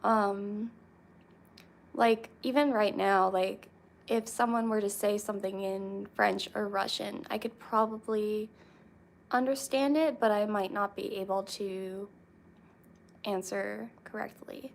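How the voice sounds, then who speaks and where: Slow, rambling young woman chatting. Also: medium pitch, fairly even intonation, creaky. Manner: rambling, many fillers and pauses. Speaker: streamer chatting with viewers. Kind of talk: casual chat.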